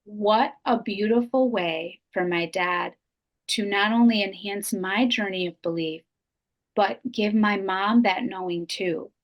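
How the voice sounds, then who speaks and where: Middle-aged woman sharing a personal story on a podcast, earnest and heartfelt, mid pitch. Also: a little slow, lo-fi sound. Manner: earnest, heartfelt, repeats phrases for emphasis. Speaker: podcast guest. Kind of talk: emotional storytelling interview.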